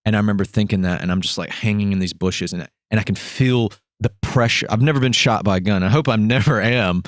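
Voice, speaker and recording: A man hosting a podcast, telling a story in a casual, animated way, acting out voices and swearing freely. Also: on the low side, fast, no room sound, clean studio sound. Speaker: podcast host.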